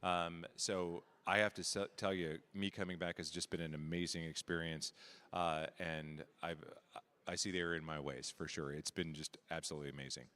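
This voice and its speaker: A man's voice: low-pitched, level tone, normal speed, sharp tone. An older man, an auctioneer contestant, talking earnestly and emotionally in a casual interview at a convention desk, with fillers and restarts.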